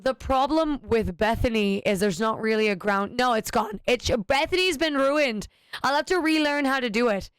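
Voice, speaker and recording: A woman's voice: on the high side, expressive, moderate pace, clean tone, dry recording. A woman streaming a game, chatting casually with self-deprecating jokes. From United States. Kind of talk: casual live-stream chat.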